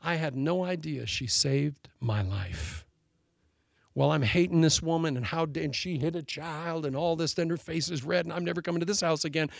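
A man preaching a sermon as pastor, telling a story with animated delivery and laughing at his own jokes. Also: fairly high pitch, normal speed, vocal fry, no room sound, clean studio sound.

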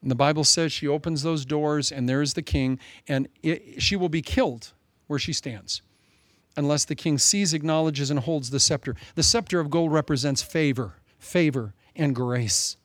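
Male pastor, lively storyteller, slightly high voice, dry close recording. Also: moderate pace, dry recording. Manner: animated storytelling with humorous asides. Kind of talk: sermon.

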